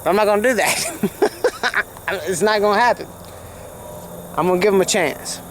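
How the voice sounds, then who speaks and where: A man's voice: sits high, moderate pace, a little hiss or hum. A man talks through his vegetable garden outdoors in a rambling, folksy, chatty way. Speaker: gardening vlogger. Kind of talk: casual walk-through commentary.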